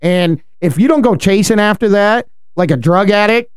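An earnest man with a high, smooth voice talks through matters of faith in a casual, animated way, breaking into laughter now and then. The sound is dry and close, with no room around it. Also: moderate pace, no room sound. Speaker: podcast co-host.

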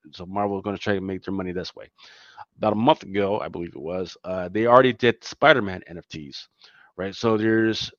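A man's voice: fairly low pitch, no room sound, highs cut off. A man from Philadelphia co-hosting a casual chat, talking loosely and emphatically, tossing in "man" and "right?" often. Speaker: podcast co-host.

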